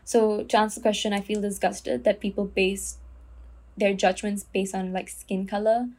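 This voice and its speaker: A woman's voice: mid-range voice, little pitch movement, normal speed, darkish tone. A young woman from Singapore with a Singaporean English accent, hosting a casual solo podcast and telling a story earnestly, with lots of fillers. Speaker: podcast host.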